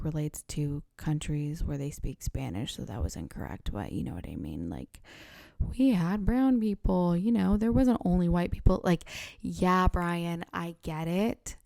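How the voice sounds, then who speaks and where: A woman's voice: lowish voice, creaky, dry recording, clean studio sound. A young woman hosting a solo podcast, talking candidly in a Valley Girl manner with lots of "like", keeping her voice down late at night at home. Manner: Valley Girl speech, many "like" fillers, candid and blunt; kept hushed late at night so her family can sleep. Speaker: podcast host. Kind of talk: casual solo podcast chat.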